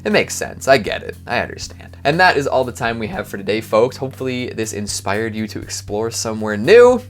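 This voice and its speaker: A male host of a countdown video channel jokes around and pokes fun at himself in rambling outro and blooper chatter. He's recorded at home in his bedroom on a lavalier mic, with soft background music. His voice is medium-pitched, very animated and brisk.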